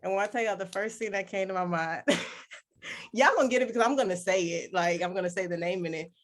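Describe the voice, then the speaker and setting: A woman hosting a podcast, talking in a relaxed, measured way. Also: mid-range voice. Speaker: podcast host. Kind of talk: casual podcast chat.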